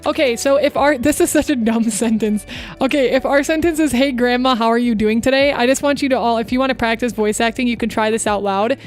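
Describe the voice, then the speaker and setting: A woman's voice: on the high side, a little fast, faint music behind. A woman streamer chatting casually into her microphone, giving upbeat voice acting tips to her chat. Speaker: VTuber streamer.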